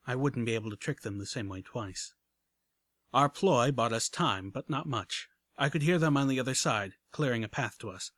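A man's voice: mid-range voice, moderate pace, a bit bright, no echo. A man reading a first-person action story aloud with dramatic narration. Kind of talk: audiobook reading of fan fiction.

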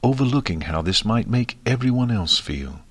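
A man narrating a fantasy story in a steady, expressive reading. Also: medium pitch, moderate pace, breathy edge, no room sound. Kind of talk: audiobook fiction reading.

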